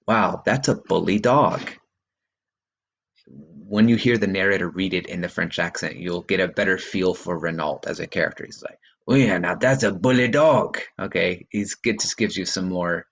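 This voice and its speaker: Male teacher, low voice, encouraging recorded lesson, filler-heavy. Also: fairly bright tone. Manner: encouraging, many ums and okays. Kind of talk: recorded remote class lesson.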